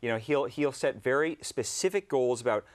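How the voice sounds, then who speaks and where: A man speaking as a webcast guest, upbeat and energetic, with a middling voice. He talks in a relaxed, conversational manner. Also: mid-range voice, moderate pace. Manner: lively, hyperactive talker. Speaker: guest investor. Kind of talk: casual interview chat.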